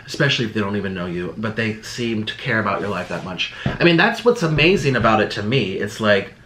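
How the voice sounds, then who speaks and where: Male vlogger, mid pitch, sarcastic animated rant, roomy echo. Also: slight background noise. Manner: animated, sarcastic, mocking voices of others. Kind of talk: casual rant to camera. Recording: echoey room.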